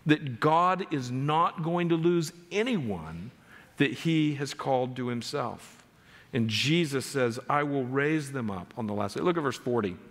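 A man's voice: medium pitch, lively intonation, measured pace, a bit bright. A man pastor preaching a sermon in a church, reading scripture aloud with earnest emphasis. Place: church sanctuary. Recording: long reverb of a church hall.

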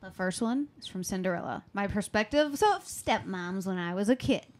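A woman's voice: medium pitch, expressive, moderate pace. A woman co-hosting a casual comedy podcast, reading memes aloud and giggling.

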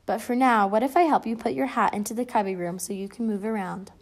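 A woman voicing a kind, patient preschool teacher who speaks in a gentle, coaxing but firm way. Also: on the high side, quick pace.

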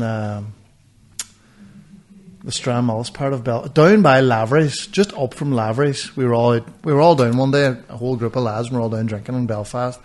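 A young man co-hosting a casual podcast, telling a rambling tale peppered with swearing. His voice sits at an ordinary middle pitch. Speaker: podcast co-host. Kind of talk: casual storytelling chat.

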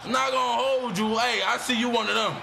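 A young man giving excited, slang-heavy commentary while playing a wrestling video game, repeating himself and shouting as he reacts. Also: very high voice, fairly quick, creaky, background noise. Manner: hyped, repetitive slang talk. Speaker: gaming YouTuber. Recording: game music underneath.

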